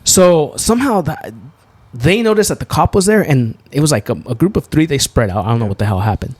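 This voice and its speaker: A young man co-hosting a podcast, telling a story in a loose, profane way and jumping up high when he gets excited. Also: brisk, slightly rough, no echo. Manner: animated, profane, swings to high laughing exclaims. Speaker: podcast co-host. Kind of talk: storytelling in casual chat.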